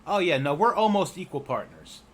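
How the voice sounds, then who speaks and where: A man voicing a friendly, sociable male halfling in a tabletop role-playing game, speaking with eager warmth. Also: high-pitched, lively intonation, brisk, voice pushed up.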